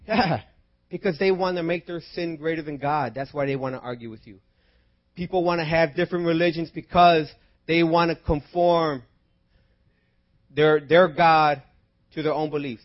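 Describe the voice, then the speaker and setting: A man preaching a sermon, moving from quiet teaching into loud, impassioned prayer and exhortation. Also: fairly high pitch, highs cut off. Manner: breaks into spoken prayer.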